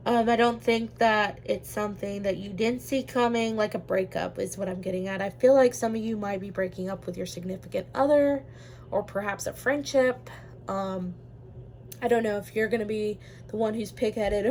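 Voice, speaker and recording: A woman's voice: a little high, darkish tone, a little hiss or hum. A woman giving a casual pick-a-card tarot reading, chatty and rambling, with lots of ums and easy laughter. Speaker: tarot reader.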